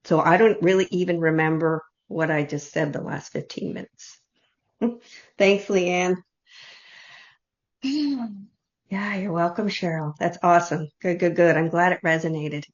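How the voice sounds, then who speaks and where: A woman leading an online group reading, speaking softly and heartfelt in loose, run-on phrases. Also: fairly low pitch, steady tone, a little slow. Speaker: intuitive reader leading an online group session. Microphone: video call. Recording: dull lo-fi video call audio.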